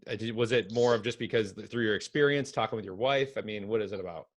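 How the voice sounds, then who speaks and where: A man hosting a podcast, affirming his guest and talking haltingly with many restarts. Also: on the low side. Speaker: podcast host. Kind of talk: casual conversational interview.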